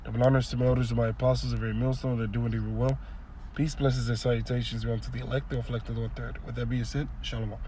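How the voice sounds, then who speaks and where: A man's voice: mid-range voice, level tone, rapid-fire, dark tone, slight background noise. A man preaching, reading verses aloud and then explaining them line by line with strong emphasis. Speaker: scripture teacher.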